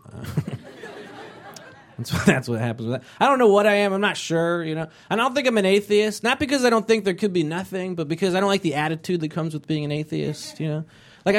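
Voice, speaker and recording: A man performing a rambling stand-up comedy set on stage, acting out quotes in conversational bits. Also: fairly high pitch. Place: comedy stage before a live audience.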